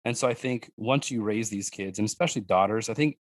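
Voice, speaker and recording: Lively storytelling man, lowish voice. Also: fast, no room sound. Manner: animated storyteller who acts out his daughters' lines in a higher voice; rambling, with restarts and fillers. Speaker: guest, wild game cook and hunter. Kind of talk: casual podcast conversation.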